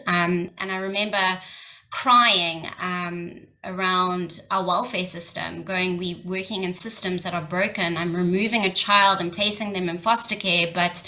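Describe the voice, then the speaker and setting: On a couch panel conversation, a South African woman who works as a social worker and leads a charity shares her personal story earnestly and from the heart. Her mid-range voice sounds pushed and bright, and the recording quality is low.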